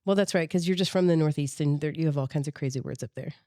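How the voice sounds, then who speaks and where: A chatty woman from the Midwest hosts the interview and reacts quickly to her guest. Her voice sits a little low, and the recording is dry and close. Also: mellow, no room sound. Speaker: podcast host. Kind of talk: casual interview chat.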